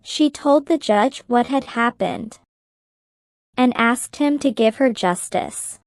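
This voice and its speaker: Slow, clear woman reading a story. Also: on the high side, dry recording, clean studio sound. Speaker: narrator. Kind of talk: slow graded-reader story narration.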